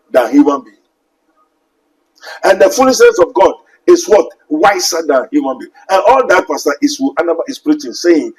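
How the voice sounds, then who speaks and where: A man's voice: a little high, darkish tone, rough recording. A man with a Ghanaian English accent preaching a sermon, quoting scripture and asking rhetorical questions emphatically. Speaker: pastor.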